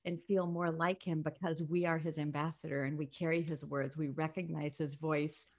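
A woman's voice: low-pitched, level tone, normal speed, highs cut off. A woman from Memphis hosting a casual faith talk, affirming her guest and sharing stories. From Memphis, US South.

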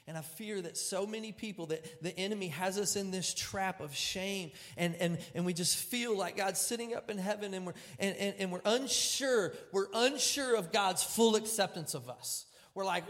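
A male pastor preaching with a personal story, animated and self-deprecating, moving between loud outbursts and hushed, serious moments. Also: sits high, moderate pace, hardly any pauses. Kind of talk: sermon storytelling.

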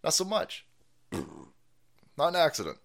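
A man's voice: fairly high pitch, slow pace, vocal fry. A man hosting a livestream, ranting with profanity and mockery. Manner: profane, mocking, animated. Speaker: stream host. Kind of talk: livestream rant commentary.

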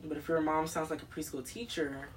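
A man's voice: fairly high pitch, little pitch movement, brisk. Man, podcast co-host, casual chat, wry banter, crowd chatter behind.

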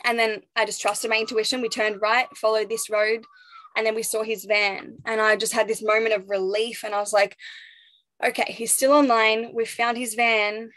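Young pregnant woman telling her story in an interview, kinda halting, slightly high voice, dry close sound. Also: no echo. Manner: reflective, halting, with restarts and soft laughs. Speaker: interview guest.

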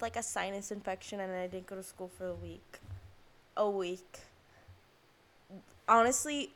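A woman's voice: mid-range voice, a bit bright. A teenage girl hosting a podcast, telling a rambling story with lots of fillers and swearing. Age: teens. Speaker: podcast host. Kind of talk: casual storytelling monologue.

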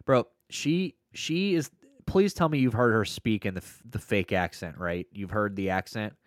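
Low-voiced profane podcast co-host. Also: male voice, normal speed, no room sound, clean studio sound. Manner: rambling, profane, excitable. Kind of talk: casual chat.

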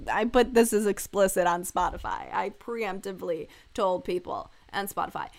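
A woman's voice: medium pitch, normal speed, vocal fry. Rambling, jokey young woman podcaster. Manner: candid, rambling, full of "like" and asides; jokey and irreverent, laughs often. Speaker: podcast host. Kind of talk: casual solo podcast chat.

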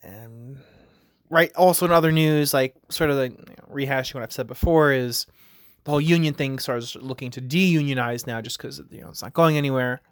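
A man's voice: medium pitch, normal speed, no room sound, clean studio sound. A man hosting a podcast, talking casually on his own in a rambling way, full of fillers. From United States. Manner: rambling, heavy on fillers like "like" and "you know". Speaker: podcast host. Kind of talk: casual solo commentary.

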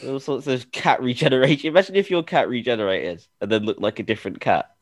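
A young man co-hosting a casual podcast, playful and animated, acting out little scenes as he tells stories. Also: medium pitch, fast talker, no echo. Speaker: podcast co-host.

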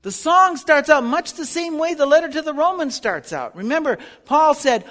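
A man's voice: very high-pitched, animated, moderate pace, hardly any pauses, a bit bright. A man teaching a Bible lesson in sermon style, earnest and building to fervent appeals. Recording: long reverb of a hall.

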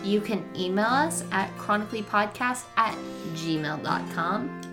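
A woman's voice: medium pitch, expressive, a little slow, over music. A woman co-hosting a podcast in casual chat, playful and hesitant, trailing off into fillers. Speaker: podcast co-host.

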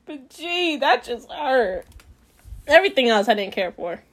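A woman with a somewhat high voice hosts a loose, casual podcast and reads a bedtime story aloud. She rambles and drifts off topic, filling her talk with "like" and "you know.". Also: sing-song, unhurried, fairly bright tone. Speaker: podcast host.

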